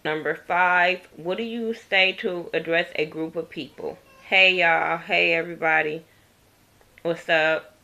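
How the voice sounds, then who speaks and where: A woman's voice: lowish voice, fairly even intonation, unhurried, vocal fry, sharp tone, muffled recording. Blunt, joking woman vlogger. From Compton, California. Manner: blunt, joking, swears freely, laughs often. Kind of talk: casual chat to camera. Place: at home, indoors. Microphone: camera in front of her.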